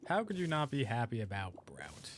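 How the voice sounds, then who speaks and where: A young adult man streaming a video game, chatting casually with viewers and thinking aloud in a relaxed, rambling way. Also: mid-range voice, normal speed, soft background music. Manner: laid-back, rambling, thinks aloud while playing. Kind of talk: casual gameplay chat with viewers.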